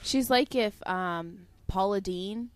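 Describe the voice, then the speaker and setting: A woman's voice: mid-range voice, dry recording. Sarcastic female podcast co-host. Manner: sarcastic, quick jokes. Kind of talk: casual podcast chat.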